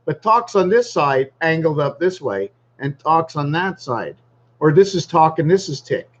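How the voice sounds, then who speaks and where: A man's voice: on the high side, lively intonation, unhurried, lo-fi sound. A man rambling in a casual vlog monologue at home, thinking aloud and wandering from topic to topic. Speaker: vlogger.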